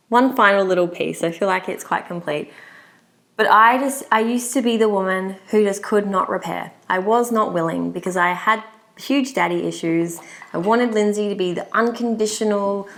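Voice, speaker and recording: A woman's voice: medium pitch, a bit bright. A young adult woman co-hosting a relationship podcast, talking openly and from the heart, often laughing. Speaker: podcast co-host, relationship coach. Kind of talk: casual podcast conversation.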